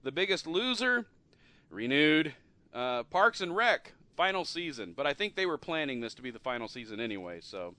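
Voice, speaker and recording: A man's voice: fairly high pitch, sing-song, normal speed, bright, forceful tone, no room sound. A middle-aged man hosting a casual podcast chat, talking loosely with frequent laughs and trailing off at the ends of sentences. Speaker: podcast host.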